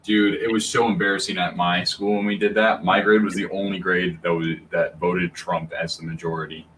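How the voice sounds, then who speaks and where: A man's voice: sits low, flat delivery, a little fast, fairly bright tone, a little hiss or hum, low-quality recording. A young man chatting casually with friends, wry and joking. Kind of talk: casual chat.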